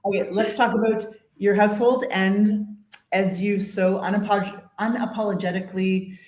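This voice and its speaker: A woman's voice: medium pitch, steady tone, normal speed, darkish tone. A Canadian woman hosting a casual interview, playful and fond of jokes. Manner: playful, joking, chatty. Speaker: interview host. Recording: echoey room.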